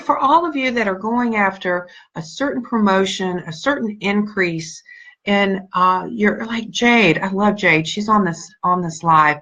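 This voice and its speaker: A woman with a bright, forceful voice delivers a motivational livestream talk, earnest and emphatic, leaning on repeated words. Her pitch sits in an ordinary middle range. The sound is dull and lo-fi, like livestream audio. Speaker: motivational speaker and sales team leader.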